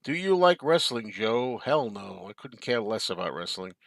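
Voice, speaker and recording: A man's voice: fairly low pitch, very animated, normal speed, creaky, a bit bright, no echo. A man hosting a live stream from his desk at home. He chats casually and reads out viewer comments, answering them in an easygoing way and chuckling often. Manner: easygoing, chuckling, talks back to chat.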